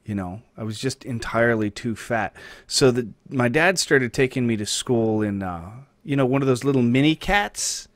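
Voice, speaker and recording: A young man hosting a livestream, telling a crude story in a deadpan, profane way with chatty asides to his viewers. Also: mid-range voice, normal speed, no room sound. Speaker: livestream host. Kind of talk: crude comedic storytelling while gaming.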